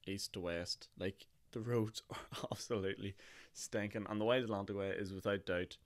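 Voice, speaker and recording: A young man with a Northern Irish accent talks through his podcast in a loose, joking way, with plenty of fillers. His voice sits fairly low and is a bit hoarse and coarse. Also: fairly even intonation, normal speed. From Northern Ireland. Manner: chatty and jokey, with frequent laughs and fillers. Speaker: podcast host. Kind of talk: casual solo podcast chat.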